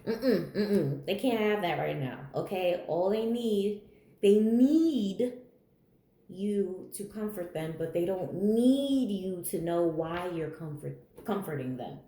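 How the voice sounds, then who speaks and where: A woman's voice: medium pitch, lively intonation, slow pace, dark tone, echoey room. A woman giving a general tarot reading in a blunt, candid, chatty way, swearing freely and laughing as she talks. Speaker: tarot reader.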